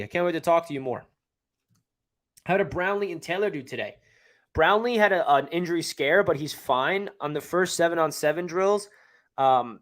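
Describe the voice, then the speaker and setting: Chatty man with a New York area accent. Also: a little high. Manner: chatty, reads and answers viewer comments. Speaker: livestream host. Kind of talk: casual live chat.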